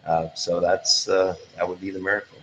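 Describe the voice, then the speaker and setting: A man answers as a guest in an interview. His voice is very deep and his delivery relaxed and halting, with repeated words. A faint noise runs underneath. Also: rough recording.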